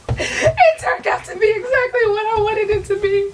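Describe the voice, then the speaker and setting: Giddy, high-pitched woman unboxing. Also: moderate pace, very noisy. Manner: excitable, talks to herself, bursts into laughter and whispers; chatty slang-filled banter with viewers. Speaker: fashion vlogger. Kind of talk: excited unboxing vlog.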